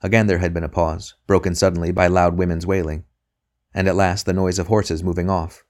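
Deep-voiced male audiobook narrator. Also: flat delivery, brisk, a little mellow.

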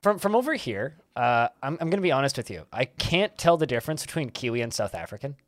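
A man from Canada chatting casually, joking and quick to laugh. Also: medium pitch, big pitch swings, no room sound, clean studio sound. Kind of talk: casual chat.

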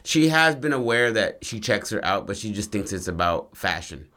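A man's voice: fairly low pitch, big pitch swings, moderate pace, pushed and bright. A man chatting casually, filling in details of a film story in laid-back, profane talk. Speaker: co-writer pitching a film story. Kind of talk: casual chat building on a story.

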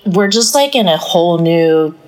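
Give me a chatty woman with a somewhat low voice, filling her talk with "like". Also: lively intonation, moderate pace, a little mellow, low-quality recording. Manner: chatty, leans on "like" as filler. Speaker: executive director of an arts organization, guest. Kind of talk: casual podcast chat.

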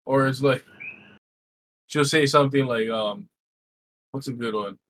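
A man co-hosting a podcast, telling a family story in a casual, animated way with lots of fillers and swearing. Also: medium pitch, a little slow, low-quality recording. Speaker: podcast co-host. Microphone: game console headset. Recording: faint noise, home recording.

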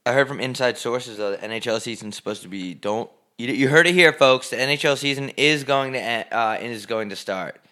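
A man with a crisp, bright voice co-hosts a casual chat. His delivery is offhand and full of wisecracks. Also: mid-range voice, fairly quick, hardly any pauses.

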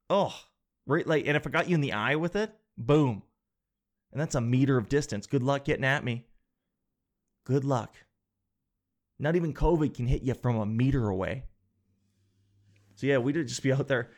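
Rambling sarcastic man. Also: mid-range voice. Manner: rambling, sarcastic, jokey, swears casually. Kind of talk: casual comedic monologue.

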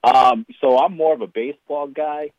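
A man's voice: a little high, moderate pace, darkish tone, dry recording. A man with a Boston accent, a lawn care business owner, chatting as a podcast guest in an easygoing way with many fillers. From Massachusetts, US. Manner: easygoing, lots of fillers and laughs. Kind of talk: casual interview chat. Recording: dull, dry lo-fi sound.

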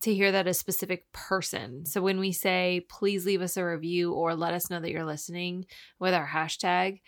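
A woman co-hosting a podcast, chatting in an upbeat, warm way and laughing easily. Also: on the low side, flat delivery, moderate pace. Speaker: podcast co-host. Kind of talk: casual chat.

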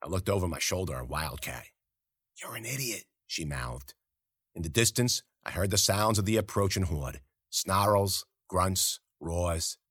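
A man's voice: sits low, animated, a little slow, fairly bright tone, slightly rough, no echo, clean studio sound. A man narrating a first-person story in a gritty, slangy, profane voice. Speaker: audiobook narrator.

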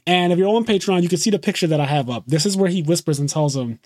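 A man hosting a podcast, excitedly recapping an anime episode in casual, profane, run-on talk. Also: on the high side, dry recording, clean studio sound. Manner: excited, swears freely, rapid run-on retelling. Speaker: podcast host.

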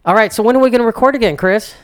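A man's voice: very high-pitched, rapid-fire, clean tone. A young man co-hosting a podcast in casual chat, rambling, restarting sentences and laughing often. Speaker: podcast co-host.

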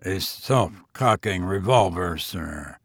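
Humble older gamekeeper voiced by a male narrator, low, slow and deferential, in a dry room. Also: expressive, no room sound, exaggerated voice.

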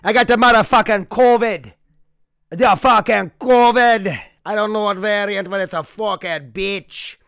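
A man voicing a condescending male announcer in a loud, slow, drifting mock-Irish accent that swears a lot. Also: high-pitched, creaky, clear, resonant tone, no echo, clean studio sound, pitched above the performer's own voice, full character voice. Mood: ranting. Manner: shouty, profane, slow and drawn out. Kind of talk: comic put-on voice.

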